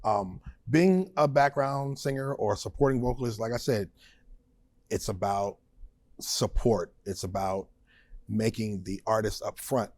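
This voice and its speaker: A man's voice: lowish voice, unhurried, no room sound. A man being interviewed as a supporting vocalist, talking emphatically and animatedly and laughing easily. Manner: emphatic and animated, punctuating points with short stressed words. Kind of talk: conversational interview.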